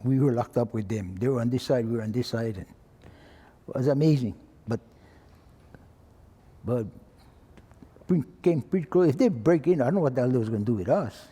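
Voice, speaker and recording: Older man in his eighties, Hawaiian Pidgin lilt, mellow and a bit raspy, plain-spoken storyteller with long room reverb. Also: medium pitch, lively intonation, brisk, long pauses. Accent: Hawaiian Pidgin-tinged English. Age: 80s. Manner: plain-spoken, acts out quoted voices. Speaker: retired fire chief. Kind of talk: oral-history storytelling.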